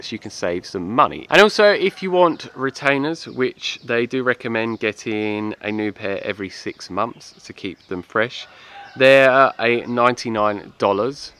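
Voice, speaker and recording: Bright-voiced man chatting through a product review. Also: medium pitch. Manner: chatty, repeats "like I said" and "yeah"; enthusiastic recommending. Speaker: vlogger reviewing his aligners. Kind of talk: casual product review to camera.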